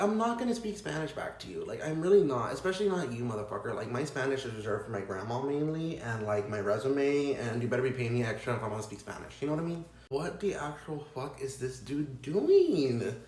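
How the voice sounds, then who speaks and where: A man's voice: medium pitch, a little mellow. A young man telling a storytime rant, exasperated and profane, rambling with lots of fillers. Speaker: vlogger. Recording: echoey room.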